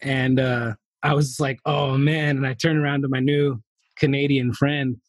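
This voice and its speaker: A man's voice: medium pitch, little pitch movement, moderate pace, no room sound. A man telling a rambling story to a podcast host, laughing often and leaning on fillers. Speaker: podcast guest. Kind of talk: casual anecdote telling.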